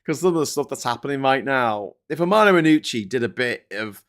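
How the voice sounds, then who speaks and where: A man's voice: medium pitch, lively intonation, a little fast, fairly bright tone. A middle-aged man with an English accent hosting a casual live-stream, chatty and restless, laughing often as he mocks trolls and critics. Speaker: host.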